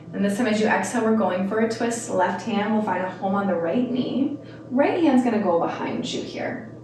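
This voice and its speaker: A woman leads a yoga practice, her steady cues for breath and movement mixed with casual, friendly tangents. Her voice sits in a mid register and rings in a very echoey room. The mic is a few steps away, with a faint hum of ambience behind her. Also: medium pitch, distant mic. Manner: calm cueing with casual rambling asides. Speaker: yoga instructor. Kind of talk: guided yoga class.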